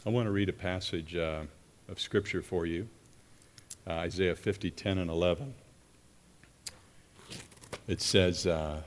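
A man preaches with a very deep, low-pitched voice that trails through the long reverb of a large church hall. He speaks earnestly and haltingly, often stopping partway and starting his sentences again. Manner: earnest, halting with many restarts. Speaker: pastor or worship leader. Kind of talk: sermon.

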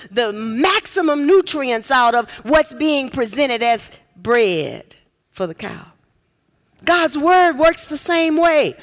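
A woman preacher with a high voice delivers an unhurried sermon. She talks straight to the congregation in a folksy way, calling for responses and swinging from rising shouts down to hushed, close lines. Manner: dynamic, swings from shouts to near-whispers.

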